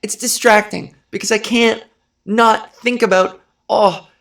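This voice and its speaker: Exasperated ranting woman with gravelly fry. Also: fairly high pitch, steady tone, a little slow. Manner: exasperated ranting, breathy put-on delivery. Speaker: comedian podcast host. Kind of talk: improvised comedic monologue.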